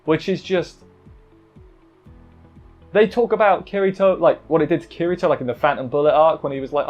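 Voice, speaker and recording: A man's voice: fairly high pitch, a little fast, long pauses, dull audio, soft background music. A man talking through an anime episode review in a rambling, chatty way, often stopping to correct himself. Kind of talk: casual spoken review.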